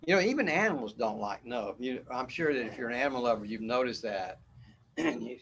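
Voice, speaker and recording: A man's voice: medium pitch, animated, a little fast, fairly bright tone, a little hiss or hum. A man as a spiritual teacher, giving a casual, rambling talk where he often repeats words and chuckles.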